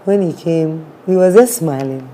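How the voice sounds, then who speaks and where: Woman, Ghanaian accent, lowish mellow voice, animated storytelling, acts out dialogue. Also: normal speed, a little hiss or hum. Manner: animated, acts out quoted dialogue, mixes in Twi words. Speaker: guest. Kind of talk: emotional personal storytelling.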